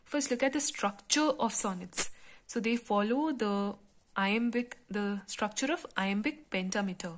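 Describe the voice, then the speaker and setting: A woman teaching a literature class, explaining step by step in a patient lecture style with frequent pauses and fillers. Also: medium pitch.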